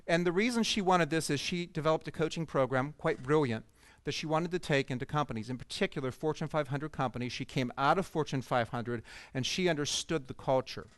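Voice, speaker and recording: Lively male conference storyteller. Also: a little high, brisk, no room sound. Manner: humorous, expressive storyteller. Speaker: conference speaker. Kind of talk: storytelling keynote talk to coaches. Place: event stage before an audience.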